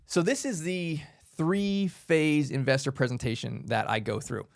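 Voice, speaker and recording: Upbeat man with a gravelly voice. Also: fairly high pitch, a little slow. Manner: energetic, emphatic, conversational. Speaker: workshop presenter. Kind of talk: casual instructional talk.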